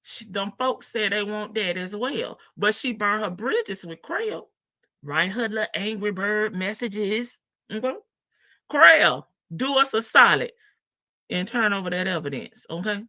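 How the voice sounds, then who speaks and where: Hosting a laid-back livestream, a Southern US woman gossips, laughs and teases her chat readers in a medium-pitched, expressive voice. She talks a little slowly with a sharp tone, and the dull lo-fi stream audio has no room sound.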